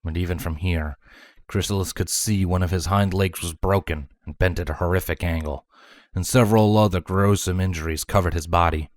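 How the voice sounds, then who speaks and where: A man reading fan fiction aloud as storybook narration, measured and dramatic. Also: deep voice, fairly even intonation, dry recording, studio quality. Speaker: fanfiction reader.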